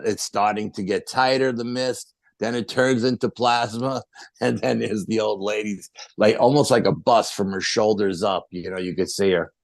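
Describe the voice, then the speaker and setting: A man's voice: lowish voice, no echo. A middle-aged man telling a ghost-hunting story in a casual, rambling way, full of fillers and restarts. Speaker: paranormal investigator guest.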